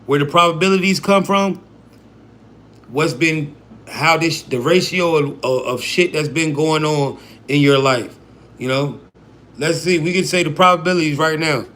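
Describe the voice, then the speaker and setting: A man's voice: on the high side, fairly bright tone. A man giving a casual, profane livestream talk on a mindset program, often checking in with "right?" and "bro".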